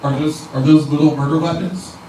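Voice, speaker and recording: A man's voice: on the high side, fairly even intonation, fairly quick, mellow, a little hiss or hum, natural voice. A man playing an indignant Jesus who is bewildered and swears about what he sees in a church, heard in an echoey club from a distant mic. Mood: baffled. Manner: baffled, profane, incredulous questioning.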